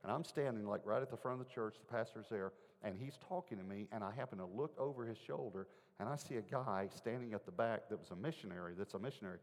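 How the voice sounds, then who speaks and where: Low-voiced preacher in a reverberant hall. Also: male voice, fast talker, hardly any pauses. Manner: earnest, conversational, asks the audience questions. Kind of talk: sermon storytelling.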